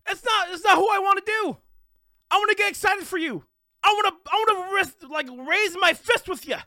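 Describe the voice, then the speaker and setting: High, bright-voiced man ranting loudly. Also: no echo, studio quality. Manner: loud, profane, fired-up ranting. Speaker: streamer and podcast host. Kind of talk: unscripted rant on a live stream.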